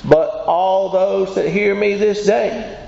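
A man's voice: sits high, steady tone, takes it slowly, creaky, warm tone. A man preaching a sermon to a congregation, folksy and emphatic, often asking them questions. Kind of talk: sermon with call-and-response. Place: church hall. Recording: echoey hall, dull lo-fi sound.

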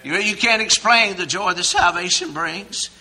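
Male preacher, high and forceful voice, folksy animated sermon, loud to hushed swings. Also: unhurried, low-quality recording.

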